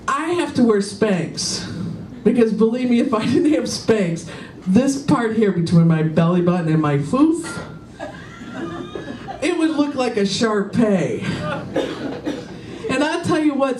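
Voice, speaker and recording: A woman's voice: a little high, darkish tone. A woman in her forties doing a bawdy stand-up set, chatty and brash in her storytelling. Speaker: stand-up comedian. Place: hotel lounge comedy club. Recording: roomy live room, distant mic, audience.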